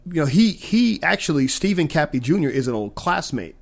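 A man's voice: a little high, big pitch swings, fairly quick, gravelly. A man co-hosting a filmmaking podcast, talking about movies in an upbeat, enthusiastic way. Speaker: podcast co-host. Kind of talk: casual film chat.

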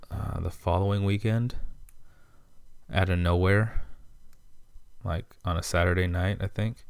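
Low gravelly profane man. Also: dry recording. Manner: profane, rambling, irritated. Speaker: podcast host. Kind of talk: casual storytelling monologue.

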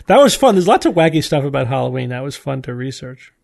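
A man's voice: mid-range voice, very animated, quick pace, gravelly, a little mellow. A man hosting a podcast, explaining things in casual panel chat and often restarting his sentences. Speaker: podcast host.

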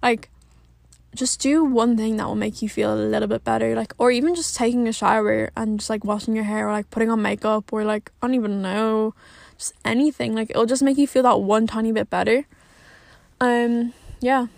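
Young woman, sitting in her car, blunt, swears a lot, says "like" constantly, slightly high voice, dry close sound. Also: steady tone, gravelly, darkish tone, no room sound. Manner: blunt and exasperated, swears a lot, fills every pause with "like". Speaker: vlogger. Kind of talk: casual rant to camera.

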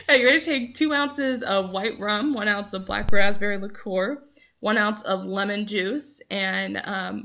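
Giggly bright-voiced young woman. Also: mid-range voice. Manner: giggly, rambling, laughs often. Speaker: podcast co-host. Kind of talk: casual chat.

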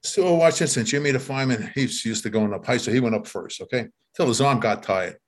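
An older man telling neighborhood stories in a relaxed, rambling way at an ordinary pitch, repeating words as he goes. He chuckles often and keeps checking in with his listener. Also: fast talker. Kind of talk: casual reminiscing.

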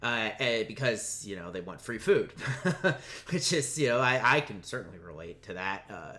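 A man who is a pastor, talking through questions of faith in a relaxed podcast chat and often checking in with "right?". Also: on the low side, moderate pace. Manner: thoughtful, explaining scripture with many fillers and restarts, "right?" checks.

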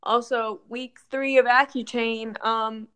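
A woman's voice: medium pitch, lively intonation, normal speed, sharp tone. A young woman co-hosting a podcast in casual chat, giggly and rambling with lots of fillers. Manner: giggly, rambling with many likes. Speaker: podcast co-host.

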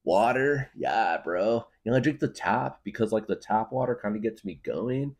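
A man with a low, deep voice that swings widely up and down as he riffs. He rambles through a casual comedic monologue, leaning on filler words and wild exaggeration. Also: lively intonation, normal speed, a little mellow. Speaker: podcast guest, craft beer guru.

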